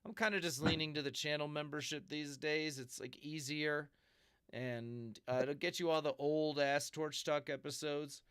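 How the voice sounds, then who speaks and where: Male podcast host, laid-back and slangy, smooth tone, dry sound. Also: fairly high pitch, steady tone, normal speed, fairly bright tone, no echo. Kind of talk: casual chat.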